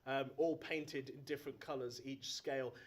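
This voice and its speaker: A man's voice: mid-range voice, steady tone, moderate pace. A man narrating as game master of a live tabletop game, hesitant, with many ums and uhs. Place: stage in front of a live audience.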